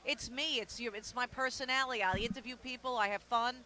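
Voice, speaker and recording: A middle-aged woman with a thick New York accent chats as a guest on a radio show. Her voice is very bright and forward. She talks in a quick, sarcastic, animated way. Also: fairly high pitch. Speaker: sportscaster guest. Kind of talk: casual radio interview.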